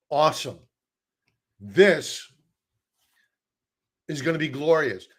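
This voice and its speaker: A man's voice: medium pitch, normal speed, fairly bright tone. A man hosting a live stock-chart stream, talking in a chatty, sarcastic way with many asides. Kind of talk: casual live-stream commentary.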